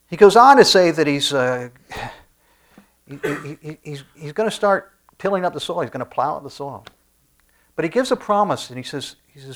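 A man preaching a sermon in a conversational way, with frequent restarts and soft asides. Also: mid-range voice, normal speed. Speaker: pastor.

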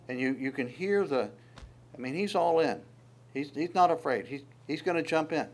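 A man preaching a sermon, lively and conversational, often stammering on repeated words and acting out quoted voices. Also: a little high, moderate pace. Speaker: pastor.

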